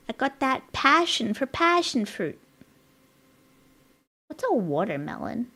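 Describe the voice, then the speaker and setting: A woman's voice: fairly high pitch, very animated, normal speed, long pauses, fairly bright tone. Giggly, chatty woman streamer. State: strained voice. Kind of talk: casual live-stream chat. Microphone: dynamic studio mic.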